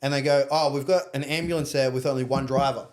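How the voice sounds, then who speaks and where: A young Australian man telling a story in casual chat, animated, acting out other people's lines and swearing casually. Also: mid-range voice, fast talker. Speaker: podcast guest.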